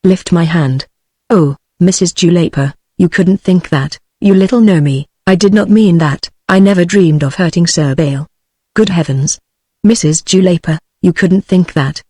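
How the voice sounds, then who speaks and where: A British woman text-to-speech voice reading the part of a gentle, feeble and miserable young man, without changing voice. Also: lowish voice, normal speed, husky, dry recording, clean studio sound. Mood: pleading. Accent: British English. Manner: plain synthetic reading, no change of voice.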